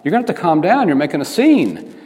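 A man voicing an impatient male travel agency owner who firmly tells a customer to calm down and wait. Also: fairly high pitch, fast talker, voice pushed up. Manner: firm, clipped dismissals. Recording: reverberant hall.

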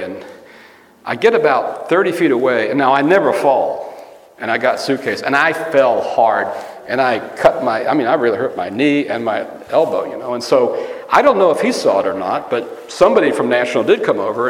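A man preaching in a relaxed, storytelling way, wandering through anecdotes and catching his own slips. His voice sits at an ordinary middle pitch. The sound rings out in a roomy hall with a long reverb tail. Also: brisk. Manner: storytelling, rambling, self-correcting. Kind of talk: conversational sermon with personal stories.

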